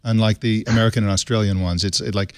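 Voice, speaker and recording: Panelist, male, lowish voice, opinionated and casual, dry sound. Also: steady tone, fast, clear, resonant tone, no echo. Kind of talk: tech panel discussion.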